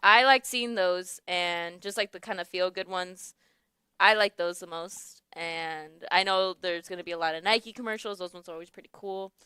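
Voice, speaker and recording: A woman's voice: lowish voice, normal speed, sharp tone, clean tone, no echo. A young adult woman hosting a radio talk show in a studio, chatting casually, often laughing and searching for words. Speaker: radio host. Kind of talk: casual chat. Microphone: studio microphone.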